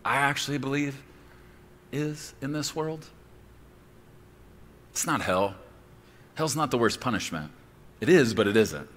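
A man preaching a sermon as pastor, with emphatic delivery that bursts into shouted key words. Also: lowish voice, big-room sound.

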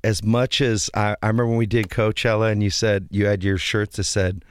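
A man's voice: on the low side, flat delivery, a little fast, clear, resonant tone. A man, a guest musician, chatting in a laid-back way and calling people dude and man. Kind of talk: casual interview chat.

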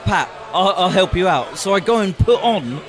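A man hosting a podcast, telling animated stories in casual chat with friends in a pub. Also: high voice, normal speed. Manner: animated storyteller, acts out quotes. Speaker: podcast host. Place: busy pub. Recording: noisy crowded pub. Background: pub crowd chatter.

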